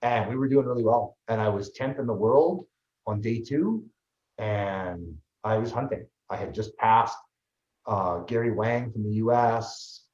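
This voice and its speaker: Man telling a race story, roomy sound. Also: fairly low pitch. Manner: lively, fast storytelling with many restarts. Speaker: guest, ultraman athlete and trainer. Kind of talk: storytelling in an interview. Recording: roomy, slightly dull sound.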